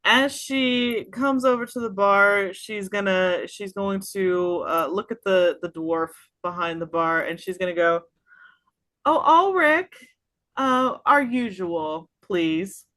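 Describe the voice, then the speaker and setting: A woman running a tabletop game as game master, narrating in an unhurried way with many small pauses and fillers. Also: medium pitch, fairly even intonation, fairly bright tone, dry recording.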